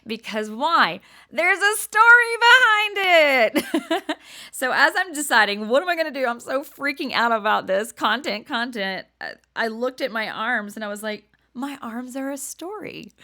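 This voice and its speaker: Animated, chatty tattooed grandmother. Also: fairly high pitch, normal speed. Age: older. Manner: chatty and animated, laughs often, drops to a hush for emphasis. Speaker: podcast host. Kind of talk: casual storytelling monologue.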